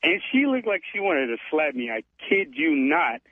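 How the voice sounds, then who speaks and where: A man's voice: a little high, sing-song, moderate pace, no echo. Boastful male caller on a tinny phone. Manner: boastful, chatty, keeps saying dude. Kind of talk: phone-in storytelling. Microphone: telephone.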